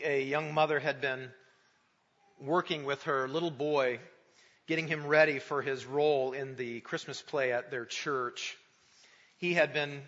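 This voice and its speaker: A man preaching a Christmas Eve sermon, praying and telling a story in an earnest storytelling manner. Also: medium pitch. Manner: storytelling, earnest and warm in prayer. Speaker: pastor. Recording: dull sound in a large reverberant church.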